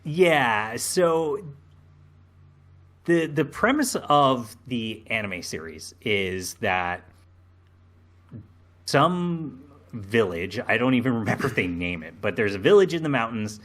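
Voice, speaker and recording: A man co-hosting a casual podcast, talking slowly and hesitantly with many ums and restarts. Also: mid-range voice, very animated, fairly bright tone. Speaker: podcast co-host.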